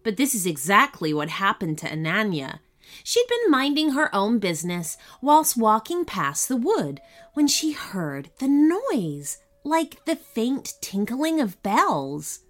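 A woman who hosts a children's story podcast reads shout-outs and then narrates a bedtime story, her voice a little high and her pace slow. She sounds expressive and soothing.

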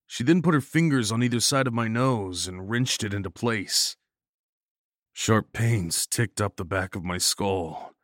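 A man narrating a first-person horror story in an intense, steady way. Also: on the low side, dry recording, studio quality.

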